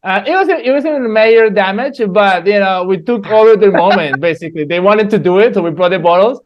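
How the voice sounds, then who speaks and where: Dj dude cohosting a podcast, kinda high voice, laughs a lot, rambles. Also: male voice, brisk, lo-fi sound, a little hiss or hum. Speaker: podcast co-host, DJ. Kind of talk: casual chat.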